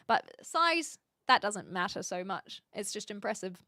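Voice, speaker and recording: A woman's voice: mid-range voice, very animated, unhurried, pushed and bright, no echo, studio quality. A woman streamer with a mixed Australian and British accent, chatting casually as she reads out and answers her chat. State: sleepy.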